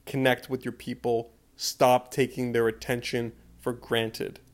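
A man's voice: mid-range voice, little pitch movement, unhurried. A man in his twenties hosting a podcast, ranting with emphatic, profane repetition. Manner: profane, repeating a refrain, emphatic. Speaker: podcast host. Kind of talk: fired-up podcast rant.

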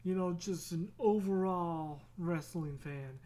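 A man's voice: high-pitched, slow pace, dark tone. A man hosting a solo podcast in casual chat, rambling off on tangents, laughing at himself and swearing casually. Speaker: podcast host.

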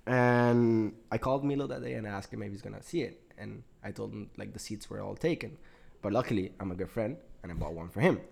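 A man's voice: on the low side, brisk, creaky, darkish tone. A young man hosting a casual chat with friends, telling a story and laughing often as he acts out what others said.

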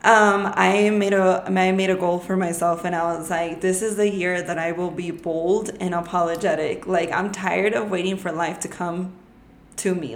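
A woman co-hosting a podcast in casual chat, blunt and swearing freely as she tells animated stories. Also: medium pitch, roomy sound. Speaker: podcast co-host.

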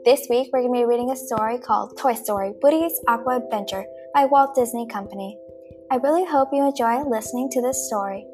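A woman hosting an arts segment, reading a children's storybook aloud in a gentle, clear way. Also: on the high side, fairly quick, music in the background. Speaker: host.

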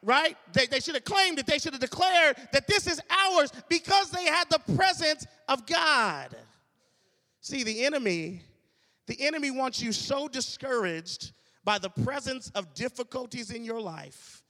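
A man pastor preaching a sermon with call-and-response and repeated phrases that build to shouts, in a reverberant church hall. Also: very high-pitched.

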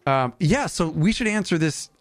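A man hosting a casual gaming podcast, animated and jokey, with quick asides. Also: fairly high pitch. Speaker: podcast host.

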